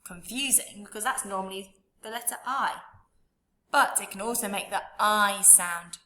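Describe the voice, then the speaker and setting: A woman teaching a children's phonics lesson, sounding out letters slowly and coaxing the listener to repeat after her. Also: medium pitch, sharp tone, roomy sound. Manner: slow, drawn-out sounding out of letters with encouraging prompts.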